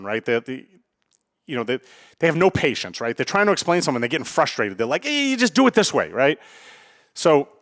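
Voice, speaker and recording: A man's voice: medium pitch, no room sound, studio quality. Blunt, casual man hosting a podcast. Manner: blunt, tags lines with "right?", swears. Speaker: podcast host. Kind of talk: casual solo podcast monologue.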